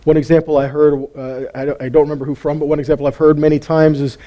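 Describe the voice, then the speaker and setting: A man's voice: a little high, little pitch movement, fast, muffled recording. A man giving an informal sermon teaching, conversational and full of rhetorical questions and chuckling asides. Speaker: Bible teacher.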